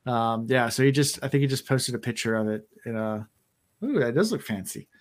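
A man's voice: mid-range voice, brisk. A man hosting a casual podcast, tired, telling rambling stories full of fillers. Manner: rambling storyteller, many fillers. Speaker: podcast host. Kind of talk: casual chat.

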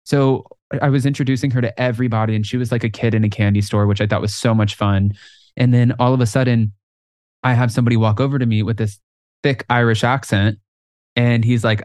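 A man co-hosting a podcast in casual chat, telling lively stories and acting out other people's lines. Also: medium pitch, a little fast, no room sound, studio quality. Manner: animated storyteller, acts out quotes. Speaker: podcast co-host.

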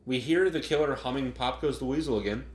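A man's voice: mid-range voice, fast talker. A man co-hosting a podcast, laughing often and recapping a movie's plot in a casual chat. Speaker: podcast co-host. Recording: roomy echo.

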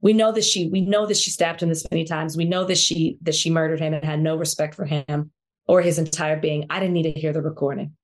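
A woman's voice: low-pitched, fairly even intonation, brisk. A woman co-hosting a podcast in casual chat, speaking with passion and repeating phrases for emphasis. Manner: impassioned, repeats herself for emphasis. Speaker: podcast co-host.

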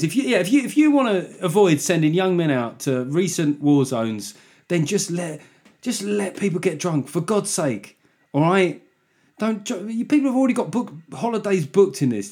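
A man's voice: on the high side, a little mellow. A man hosting a solo podcast, rambling through jokey, sarcastic tangents and laughing at his own asides. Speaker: podcast host. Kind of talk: casual solo podcast monologue.

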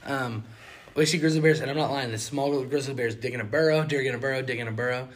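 Young Southern male co-host, casual storyteller, lively with quotes and sound effects. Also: medium pitch, very fast. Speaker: podcast co-host.

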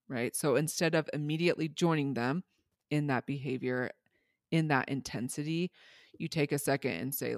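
A man's voice: fairly high pitch, no room sound, clean studio sound. A man co-hosting a parenting podcast, talking things through reflectively with everyday examples. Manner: reflective, explains with examples and asides. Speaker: podcast co-host. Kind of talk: casual parenting podcast chat.

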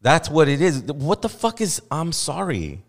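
A man's voice: fairly high pitch, sing-song, measured pace. A man hosting a podcast, ranting with passion and profanity and voicing mock quotes to make his point. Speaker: podcast host. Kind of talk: heated podcast discussion. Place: podcast studio.

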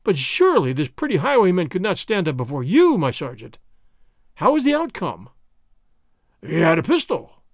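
A man puts on a soft-spoken young gentleman who needles with polite innocence. The voice sits high and swings freely. It is heard close and dry, as in a storybook reading. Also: dry recording, full character voice. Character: mild, teasing young nobleman, languid and polite.

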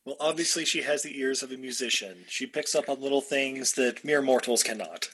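A man's voice: medium pitch, brisk, a bit bright, a little hiss or hum. A man co-hosting a casual movie podcast, joking, rambling and laughing often. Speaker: podcast co-host. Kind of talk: casual movie-review chat.

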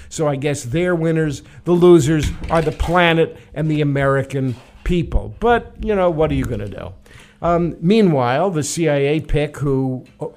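An older man from New York talks politics in a sardonic, storytelling way. His voice sits slightly high for a man. He trades jokes and anecdotes in a loose, casual chat. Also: darkish tone. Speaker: show host, former congressman.

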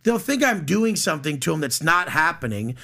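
A man's voice: a little high, big pitch swings, brisk, creaky, sharp tone. A man talking as a podcast guest in casual conversation, blunt, profane and boastful.

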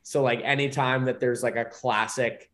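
A man's voice: mid-range voice, fairly even intonation, moderate pace, a bit bright. A young man co-hosting a podcast, chatting casually and rambling with many restarts. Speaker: podcast co-host. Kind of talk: casual chat.

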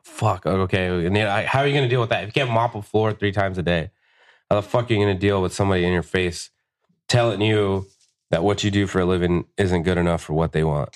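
Deep-voiced man telling a profane story. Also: quick pace. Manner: profane, animated storytelling with acted-out quotes. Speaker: podcast guest, tattoo artist. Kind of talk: casual storytelling chat. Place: tattoo shop podcast room.

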